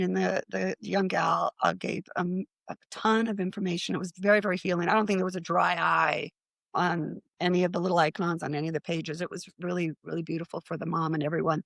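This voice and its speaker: A middle-aged woman, a psychic medium appearing as a podcast guest, tells her story in an animated way, acting out quotes by slipping into other people's voices. Her fairly low voice has a gravelly fry and sounds close and dry, with no room sound.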